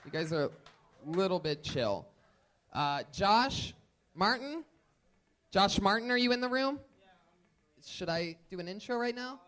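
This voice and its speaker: A man hosting a live comedy podcast, shouting big intros and then dropping to quiet banter. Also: sits high, very animated, measured pace, long pauses. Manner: hyped announcer intros that swing to quiet banter. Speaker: host.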